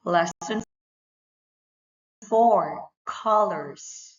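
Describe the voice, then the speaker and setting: A woman leading a young children's English lesson, saying each word or phrase twice in a clear drill style. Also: lowish voice, drawn-out words, muffled recording.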